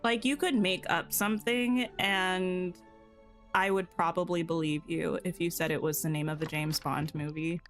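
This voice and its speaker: A woman's voice: fairly low pitch, fairly even intonation, normal speed, faint music behind. A woman streamer chatting casually while gaming, rambling and giggling at herself. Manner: rambling, giggly, self-deprecating.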